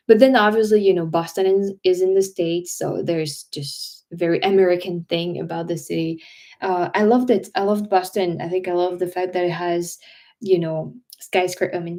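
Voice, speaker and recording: A woman's voice: lowish voice, dark tone. A woman from France with a French accent, chatting casually as host of a livestream, rambling with many restarts and fillers. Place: home.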